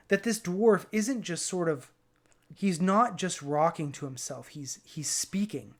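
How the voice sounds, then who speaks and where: A man narrating as game master in a tabletop game, relaxed and hesitant, with many fillers. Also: high voice, unhurried.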